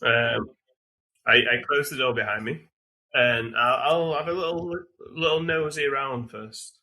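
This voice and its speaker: A man playing a tabletop game with a bright, tense, husky voice. He speaks in a playful, slightly hesitant way. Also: medium pitch, a little slow, low-quality recording. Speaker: player.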